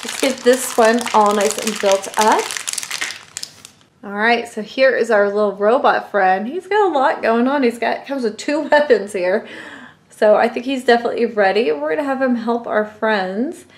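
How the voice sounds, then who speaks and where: A woman's voice: a little high, normal speed. A woman, hosting a toy unboxing and gushing cheerfully over small toys. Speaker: toy channel host.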